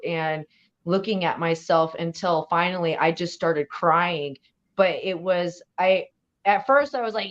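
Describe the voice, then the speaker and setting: Low-voiced woman telling a story, lo-fi. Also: steady tone. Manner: halting, earnest personal storytelling. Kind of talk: casual podcast conversation. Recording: dull lo-fi audio.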